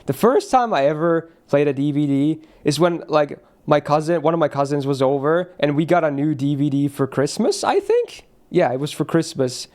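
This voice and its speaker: A young man streaming a game, chatting casually in a rambling, excitable way and swearing freely. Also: on the high side, moderate pace, few pauses.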